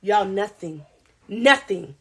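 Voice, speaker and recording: A woman in her twenties telling a storytime on a live vlog, animated and slangy, laughing as she goes. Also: medium pitch, takes it slowly, breathy edge. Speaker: vlogger.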